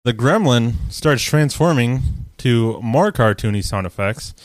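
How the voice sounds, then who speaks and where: A man co-hosting a podcast, casually recapping a film's plot with deadpan jokes. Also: mid-range voice, measured pace, dry recording. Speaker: podcast co-host. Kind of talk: casual movie recap chat.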